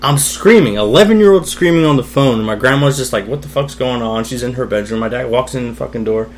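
A man's voice: mid-range voice, fast. A young man, a podcast guest, telling a personal story in casual talk over drinks, candid and swearing freely. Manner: candid, swears freely, acts out quoted voices.

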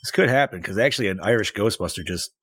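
A man co-hosting a casual podcast, excitable and swearing freely. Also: lowish voice, fast talker, a little hiss or hum. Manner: excitable, swears casually, says dude a lot. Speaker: podcast co-host. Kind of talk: casual chat.

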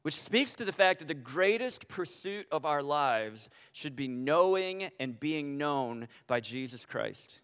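A pastor with a fairly high voice delivers his sermon from the pulpit. He peppers it with rhetorical questions and restarts, and his words trail off in a long, reverberant sanctuary echo. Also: big pitch swings, a little slow, hardly any pauses, fairly bright tone, clean tone. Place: church sanctuary. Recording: reverberant church hall.

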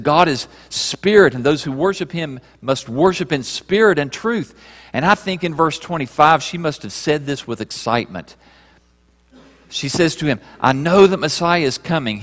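A man preaching a sermon, reading scripture aloud and moving between raised passages and hushed ones. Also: fairly high pitch. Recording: reverberant hall.

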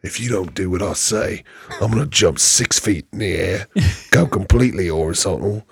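A man doing an impression of a gruff, menacing action hero in a low, quiet growl, recorded in a studio. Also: moderate pace, exaggerated voice.

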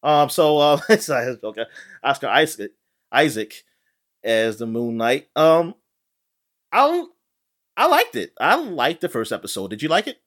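A man co-hosting a relaxed chat about a TV series, talking in a fairly high voice that rises and falls a great deal. He laughs often and restarts his sentences as he goes. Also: unhurried, pauses often. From not British. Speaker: podcast co-host. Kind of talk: casual chat.

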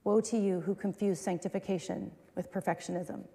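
A woman pastor delivers a sermon, moving from solemn recitation to candid, conversational asides that poke fun at herself. Her voice is warm and mellow, and it rings with a long reverb from a large church hall. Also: mid-range voice, fairly even intonation, a little fast.

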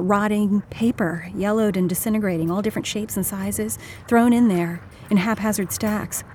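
A woman's voice: medium pitch, background noise. A woman reading a first-person audiobook in a wry, slangy, conversational voice. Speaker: audiobook narrator.

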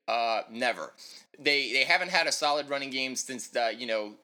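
A man co-hosting a sports podcast, giving brisk, opinionated, jokey takes in casual chat. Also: medium pitch, bright, forceful tone. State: winded. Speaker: podcast co-host.

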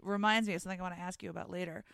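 A woman with a fairly low, steady, slightly bright voice, clean in tone with some vocal fry, co-hosts a podcast in a clean studio without echo. She chats casually and wryly through a wrestling recap, laughing easily.

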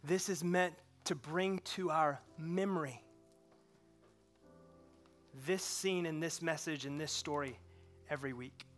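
Guy preaching in church, high bright voice, gets loud then drops real quiet. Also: takes it slowly, pauses often, soft background music. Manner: impassioned, swings from loud to hushed. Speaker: pastor. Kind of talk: sermon. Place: church sanctuary.

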